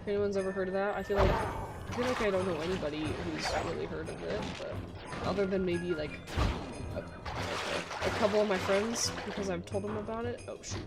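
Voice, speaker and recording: A woman's voice: mid-range voice, fairly quick, vocal fry. Young woman, game streamer, rambling casual chat, many fillers, music playing behind. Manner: rambling, chatty, frequent fillers and restarts.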